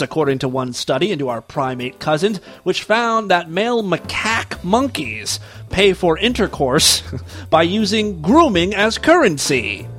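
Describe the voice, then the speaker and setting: A man's voice: fairly high pitch, fairly bright tone. Gleefully crude male comedy news host. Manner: mocking, gleefully crude, laughs at his own jokes. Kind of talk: irreverent comedic news reading.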